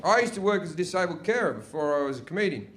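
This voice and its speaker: A man doing a crude, swearing stand-up routine as an animated storyteller. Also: fairly high pitch, racing, a little hiss or hum. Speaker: stand-up comedian.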